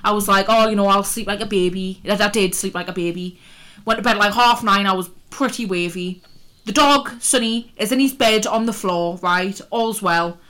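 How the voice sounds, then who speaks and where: A woman's voice: medium pitch, normal speed, a bit bright. Chatty North East English woman. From North East England. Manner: blunt, chatty storyteller. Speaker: podcast co-host. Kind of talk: casual chat.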